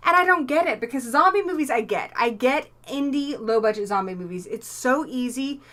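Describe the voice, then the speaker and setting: A high, bright, forceful woman's voice, young and excitable. She hosts a casual live stream about horror movies, greeting chat viewers by name and tossing in the odd swear word. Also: fairly quick. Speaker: horror movie YouTube host.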